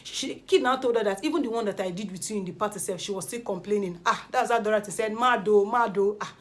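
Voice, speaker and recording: Animated Nigerian woman gossiping. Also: mid-range voice, fast. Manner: animated, dramatic storytelling with pidgin interjections. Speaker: entertainment gossip vlogger. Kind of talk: casual gossip recap.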